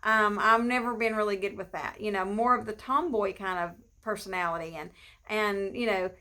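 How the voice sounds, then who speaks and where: A middle-aged pastor's wife giving an informal devotional, talking conversationally and repeating phrases for emphasis. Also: female voice, medium pitch, moderate pace, pushed and bright.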